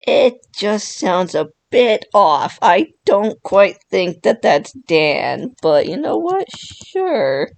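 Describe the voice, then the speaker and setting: Woman, sick, YouTuber commentary, incredulous, slow-paced, dry. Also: medium pitch, very animated, gravelly, dry recording. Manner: reactive, incredulous. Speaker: YouTuber playing with chatbots. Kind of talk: casual commentary.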